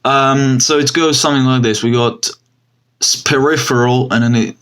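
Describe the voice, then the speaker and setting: A man rambling through casual commentary with many fillers and restarts, his pitch jumping up when something catches his interest. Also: steady tone, normal speed, fairly bright tone, smooth. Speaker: vlogger. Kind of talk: casual commentary with screen sharing.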